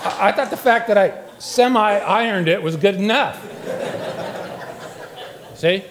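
A man's voice: high-pitched, takes it slowly, background noise. A middle-aged man preaching a humorous sermon in church, telling playful stories and acting out quotes. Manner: playful storytelling, acts out quotes. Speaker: pastor. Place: church sanctuary.

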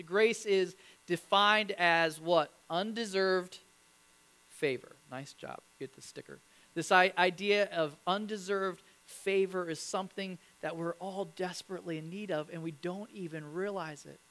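A middle-aged man preaching a sermon in church, telling stories with lively acted-out voices and repeated phrases. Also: sits high. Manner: animated storytelling, acts out voices, repeats phrases. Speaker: pastor.

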